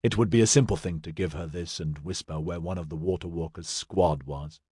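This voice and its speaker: A man voicing a cold, calculating male figure who speaks low and measured. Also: warm tone, husky, no room sound, studio quality.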